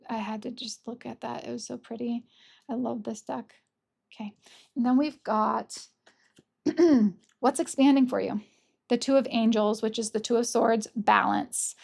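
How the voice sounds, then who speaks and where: Her pitch fairly high and her voice gravelly, this tarot reader leads a gentle, relaxed pick-a-card session. She raves about the cards with open emotion, sometimes on the edge of tears.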